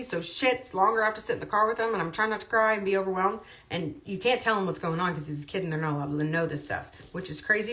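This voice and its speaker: A woman's voice: medium pitch, fairly bright tone. Candid woman livestreaming. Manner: rambling, candid, uses y'all and ain't. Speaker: livestream host. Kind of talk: casual livestream chat.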